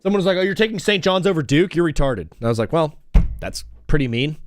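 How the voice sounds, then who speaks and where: A man's voice: on the high side, animated, fast, faint music behind. A young man hosting a casual live sports stream, rambling and joking while he calls game plays as they happen. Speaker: livestream sports host.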